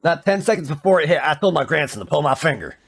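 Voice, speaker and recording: A man voicing a grumpy, crude old man who tells jokes with dry, gruff delivery. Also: on the high side, very animated, quick pace, pitched above the performer's own voice, exaggerated voice. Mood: grumbling.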